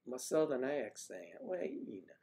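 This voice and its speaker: A man's voice: a little high, very animated, normal speed, vocal fry, mellow. Older man rambling on a livestream. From US East Coast. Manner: rambling, chatty, greets viewers by name. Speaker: livestream host. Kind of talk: casual livestream chat reading viewer comments.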